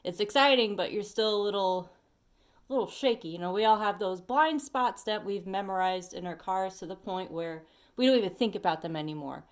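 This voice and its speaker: Chatty woman doing a tarot reading at home, lively, talks right to you, mid pitch. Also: normal speed. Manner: chatty and animated, talks to the viewer; sings snatches of songs and talks to bugs. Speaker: tarot reader. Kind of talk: casual weekly energy reading.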